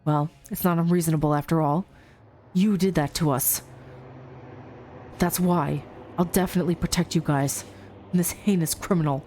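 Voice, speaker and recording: A woman's voice: low-pitched, steady tone, moderate pace, pauses often, mellow, slight background noise, natural voice. A woman reading the lines of a young male student who coldly accuses a classmate in a murder mystery game.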